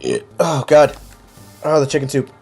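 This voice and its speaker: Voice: medium pitch, wildly swooping pitch, normal speed, darkish tone, faint music behind. A let's-play gamer giving casual commentary, muttering, swearing and joking about their own voice acting. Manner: mutters, swears, self-mocking.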